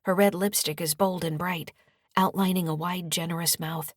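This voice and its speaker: A woman author narrating her own audiobook in the first person, with a steady storytelling delivery. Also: on the low side, moderate pace, dry recording, clean studio sound.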